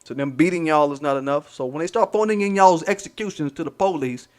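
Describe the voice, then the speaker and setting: Here a fairly high-pitched man talks fast as he hosts a livestream. His casual rant rambles, turns profane, and is aimed at the people in his chat.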